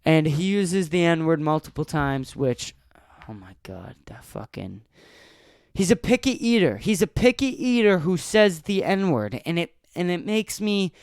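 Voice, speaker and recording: A man's voice: high voice, smooth, no room sound, studio quality. A young man hosting a solo podcast, telling an angry, profanity-filled story about a friend. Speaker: podcast host.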